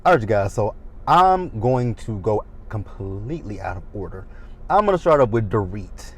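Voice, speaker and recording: A man's voice: on the low side, very animated, moderate pace, husky. Sassy chatty man recapping reality TV. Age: 30s. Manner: chatty, sassy, dramatic asides. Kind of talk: casual recap commentary.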